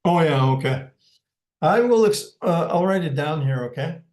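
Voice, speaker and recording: A man teaching a language class slowly and patiently, pausing often and repeating words as he explains them. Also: on the high side, animated, a little mellow. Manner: hesitant, many pauses and fillers, repeats words. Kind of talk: slow, patient language lesson. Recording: roomy echo.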